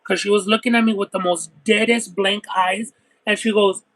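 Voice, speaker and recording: Here a man with a high voice speaks at a moderate pace over rough audio. He's hosting a laid-back livestream, eating and reading chat while spinning lengthy, expressive stories loaded with detail.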